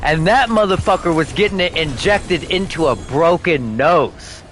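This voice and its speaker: A man streaming a game chats casually, telling animated stories laced with plenty of swearing and bursts of laughter. His voice is a little high and unhurried, with soft background music playing.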